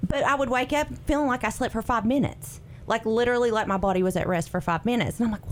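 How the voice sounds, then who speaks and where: A woman's voice: fairly high pitch, fast, hardly any pauses, slight background noise. A woman, a radio co-host telling her own story in casual chat, acting out her quotes. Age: 40s. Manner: lively, animated, acts out her own quotes.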